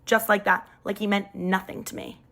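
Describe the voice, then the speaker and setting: A young woman telling a personal story in a casual storytime, lively and jumping up in pitch when she quotes people, on a phone mic. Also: moderate pace.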